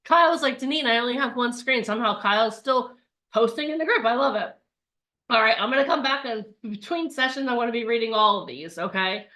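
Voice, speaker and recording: A woman's voice: fairly high pitch, expressive, fairly quick, pushed and bright. A woman coaching an online bootcamp, talking in an upbeat, chatty way and acting out the voices of people's inner thoughts. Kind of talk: live online workshop talk.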